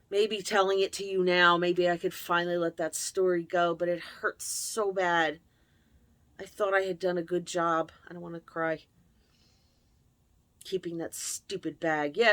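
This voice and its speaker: A woman's voice: lowish voice, a bit bright, no echo. A woman host speaking candidly and emotionally in a confessional personal story, recorded at her computer. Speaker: channel host.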